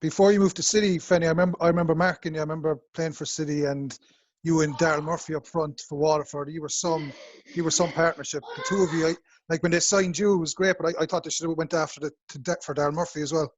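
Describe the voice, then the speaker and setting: Fast-talking man hosting a video-call podcast. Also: on the high side, fairly even intonation, slight background noise. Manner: quick, chatty and informal. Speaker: podcast host. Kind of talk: casual interview chat. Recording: dull, muffled video-call audio.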